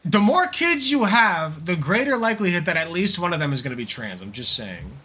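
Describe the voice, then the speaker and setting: A man's voice: high-pitched, very animated, brisk, sharp tone. Profane, rambling young male streamer. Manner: rambling, profane, joking riffs. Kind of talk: casual livestream commentary while gaming.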